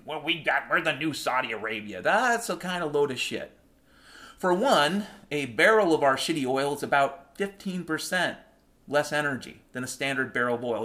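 A man delivering a blunt, profane monologue as a financial commentator, talking straight to his viewers and slowing down to hammer home key points. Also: fairly high pitch, fairly bright tone. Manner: blunt, profane, emphatic, slows down to stress points.

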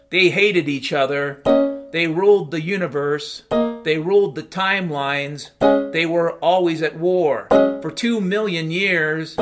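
Male storyteller, dry and casual, slightly high voice, piano bed behind. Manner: casual, wry, matter-of-fact. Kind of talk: first-person story narration. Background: piano music.

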